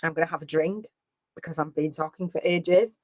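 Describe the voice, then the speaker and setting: A woman's voice: low voice, fairly quick, a little mellow, no echo. A woman coaching live on a stream, chatty and rambling with many fillers and restarts. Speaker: business coach.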